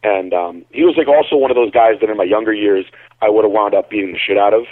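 A man from Connecticut, a bodybuilder, telling a story in a relaxed, rambling way on a call-in show, heard over a tinny phone line. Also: lowish voice, fast talker, no room sound. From Connecticut, USA. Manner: relaxed, rambling, lots of fillers. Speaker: bodybuilder and caller.

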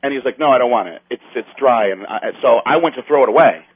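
A man's voice: mid-range voice, fast, slightly rough. A man telling a story in casual chat, acting out the other people's lines and swearing as he goes. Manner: animated storyteller, acts out quotes, swears. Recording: tinny phone-line sound.

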